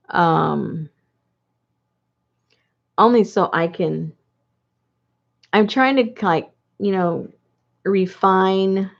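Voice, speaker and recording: A woman's voice: on the low side, vocal fry, muffled recording. A woman hosting a casual live video chat, talking with viewers in a rambling, chatty way with frequent laughs.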